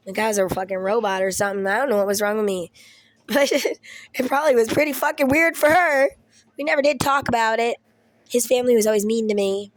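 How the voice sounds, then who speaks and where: A sick young mother talking casually, telling a candid story with swearing and quick bursts of speech. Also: on the high side.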